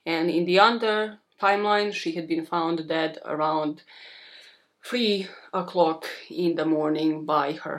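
Woman doing a true crime podcast, kinda low voice, chatty and blunt, telling it like a story to friends. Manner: chatty and expressive, with blunt asides.

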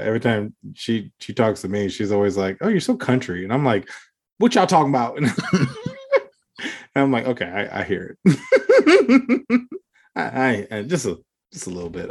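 A podcast co-host talking casually over a video call, telling stories in an animated way and laughing often. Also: mid-range voice, moderate pace, pauses often, breathy edge.

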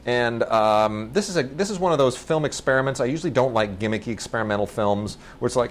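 Fast-talking and rarely pausing, a man with a lowish voice co-hosts a casual chat reviewing movies. He is enthusiastic and rambles, frequently restarting and fixing his sentences partway through.

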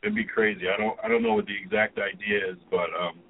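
A man's voice: lowish voice, fairly even intonation, fast talker, over a noisy crowd. A man calling in as a guest on a radio show, laid-back and teasing in easy conversation. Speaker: guest musician. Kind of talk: casual call-in interview. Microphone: phone line. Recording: tinny phone line with faint noise.

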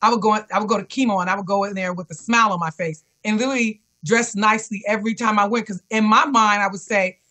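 A woman speaks earnestly over a remote call, with a bright, forceful voice. She tells her story as an interview guest and keeps repeating encouraging words to herself. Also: medium pitch, steady tone, quick pace, hardly any pauses. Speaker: guest, cancer survivor and fitness instructor. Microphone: remote call connection.

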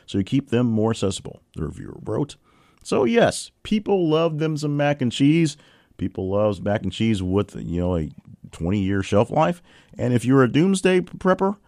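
A man hosts a weekly news roundup, casually reading headlines and quotes with wry asides and lively swings in pitch. The sound is clean studio audio with no room sound.

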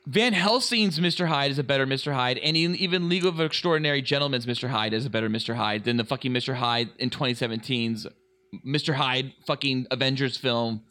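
A man co-hosting a casual podcast, excitable and rambling, swearing often. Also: mid-range voice, quick pace. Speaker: podcast co-host.

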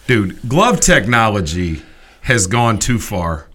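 A man hosting a sports talk show, ranting in an animated, emphatic way with quick restarts. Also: lowish voice.

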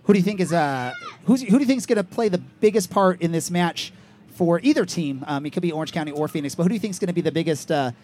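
A man with a high, bright-edged voice hosts a pregame soccer show outdoors at a stadium. He talks fast and packs his questions together energetically. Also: lively intonation, slight background noise. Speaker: podcast host.

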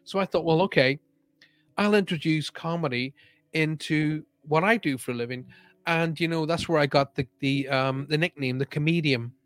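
Cheery uk guy chatting on a live stream, kinda high voice, dead dry mic. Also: normal speed, dry recording. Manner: chatty, upbeat, reads out viewer comments. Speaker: host of a live-streamed medium show. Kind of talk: casual live-stream chat with viewers.

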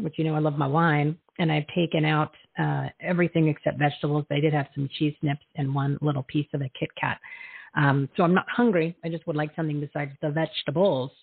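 A woman's voice: sits low, fairly quick, vocal fry, slightly rough, dry recording. A woman hosting a talk show, chatting in a loose, opinionated way with many fillers. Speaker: host. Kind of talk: casual talk show monologue. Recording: tinny phone-like line.

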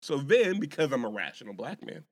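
A young man tells a story on a podcast in a loose, animated way, tripping over his words and swearing as he gets worked up. His voice sits at a middling pitch, and the recording is close and dry with no room sound. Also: brisk, dry recording. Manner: animated, swearing, many restarts and repeated words. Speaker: podcast co-host telling a story. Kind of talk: casual chat, storytelling.

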